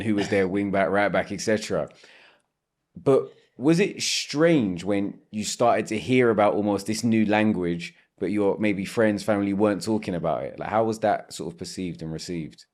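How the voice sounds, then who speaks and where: A man's voice: fairly low pitch, a little mellow. A man hosting a podcast interview, asking long, winding conversational questions. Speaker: podcast host.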